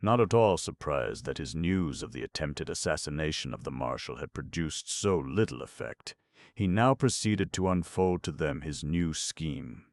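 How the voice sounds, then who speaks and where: A man narrating a classic novel in a measured, even reading. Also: rumbling low, dry recording, clean studio sound. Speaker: audiobook narrator. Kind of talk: scripted narration.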